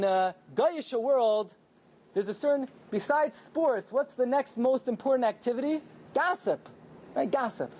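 Animated man teaching a Torah class. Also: very high-pitched, a little hiss or hum. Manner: animated, questioning the audience and joking. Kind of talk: lively evening Torah class to a live group. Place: small room with a live audience.

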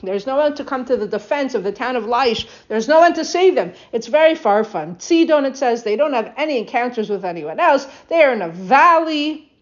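Animated woman teaching a Bible text. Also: high-pitched, fairly quick. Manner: reads Hebrew verses then explains in English, animated retelling. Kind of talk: text study lesson, translating verse by verse. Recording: dull lo-fi recording.

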